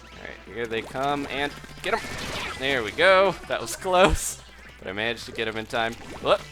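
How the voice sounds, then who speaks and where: A man's voice: mid-range voice, animated, moderate pace. A young man giving chatty live commentary while streaming a game, reading out chat and laughing often. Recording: music playing behind the voice.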